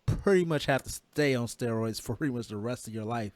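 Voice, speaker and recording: A man's voice: mid-range voice, fairly quick, darkish tone, dry recording. A man hosting a podcast, asking questions and cracking jokes. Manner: inquisitive, joking. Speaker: podcast host. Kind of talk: casual podcast chat.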